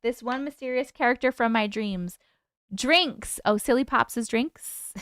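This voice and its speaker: A woman's voice: a little high, unhurried, fairly bright tone, clean tone, no echo, studio quality. A woman from the UK hosting a live stream at home, chatting casually and answering viewer comments as they come in. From United Kingdom.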